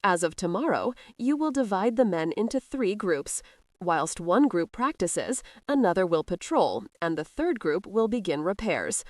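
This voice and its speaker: A woman voicing a stern male crusader lord who gives curt, quiet orders. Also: mid-range voice, big pitch swings, moderate pace, no echo, studio quality, close to an everyday voice. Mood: commanding.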